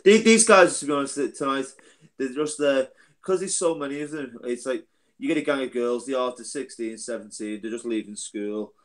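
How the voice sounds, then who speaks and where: A man's voice: medium pitch, fairly quick. A man in his late twenties talks loosely in a casual group chat, wandering from point to point. He laughs between his remarks and keeps circling back to restate them. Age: 20s.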